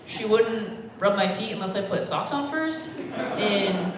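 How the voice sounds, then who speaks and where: A woman's voice: medium pitch, expressive, slow pace. Rambling woman doing stand-up. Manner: rambling, self-deprecating, conversational. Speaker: stand-up comic. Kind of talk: stand-up comedy set. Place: comedy bar stage. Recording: echoey bar room, faint noise.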